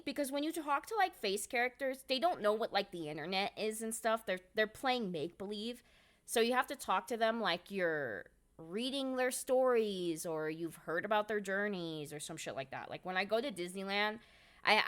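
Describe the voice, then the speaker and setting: A woman streamer chatting casually and swearing often, muttering to herself between excited bursts. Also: on the high side, moderate pace. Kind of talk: casual vlog chat while sorting photos.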